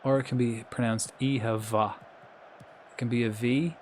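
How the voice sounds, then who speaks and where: A man's voice: mid-range voice, fairly even intonation, a little fast, darkish tone, a little hiss or hum. A young Irish man chatting casually on his live stream, swearing freely and coaching viewers through pronunciations. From Ireland.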